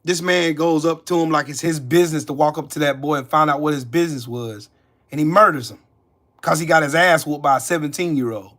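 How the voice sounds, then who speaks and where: A man's voice: on the high side, fairly quick, fairly bright tone. A man hosting his own channel, delivering an angry, profane rant that curses, accuses and repeats its lines. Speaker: channel host.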